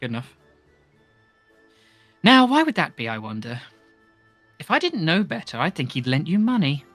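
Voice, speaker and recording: A man's voice: fairly high pitch, big pitch swings, moderate pace, fairly bright tone, no echo, faint music behind. A man voicing a stern adventurer who questions an informant with dry, cutting suspicion. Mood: suspicious.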